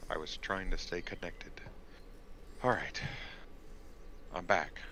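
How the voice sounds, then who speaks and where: Deep, gravelly male player with a bright, tense edge; distracted and mumbly. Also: takes it slowly, a little hiss or hum. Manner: distracted, mutters while setting up. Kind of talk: casual game chat.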